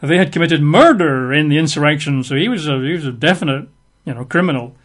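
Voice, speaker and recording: Fairly high-voiced conversational male preacher. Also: quick pace, fairly bright tone. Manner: explains the text with casual asides. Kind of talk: conversational Bible-teaching sermon.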